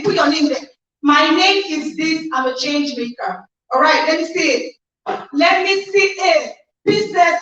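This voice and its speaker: High, bright Nigerian woman hosting a livestream. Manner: exuberant, emphatic, repeats phrases, reads out viewer comments. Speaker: host of an online conference livestream. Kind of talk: energetic motivational hosting. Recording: echoey distant lo-fi livestream audio.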